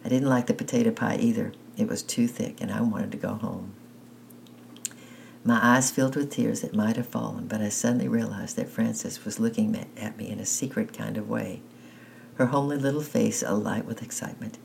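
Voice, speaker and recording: A man reading a children's story aloud in an unhurried way, with small slips and restarts. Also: on the low side, fairly even intonation, gravelly, a little hiss or hum, low-quality recording. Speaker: narrator.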